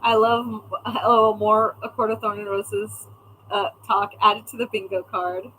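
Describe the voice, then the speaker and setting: A woman's voice: medium pitch, flat delivery, a little slow, sharp tone, slight background noise, rough recording. A woman hosting a casual livestream, chatting with viewers by name and trailing off as she searches for things. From California. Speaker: livestream host.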